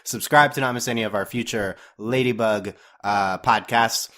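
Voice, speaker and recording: A man's voice: fairly low pitch, steady tone, normal speed, fairly bright tone. Sick-sounding podcast host guy. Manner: hesitant, lots of fillers and restarts. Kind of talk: casual chat.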